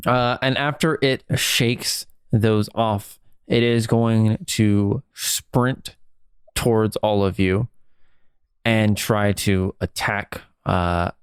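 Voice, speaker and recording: A man running a tabletop game as game master, describing monster attacks calmly with many fillers. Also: fairly low pitch, smooth, no room sound, clean studio sound. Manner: calm, describes actions with fillers.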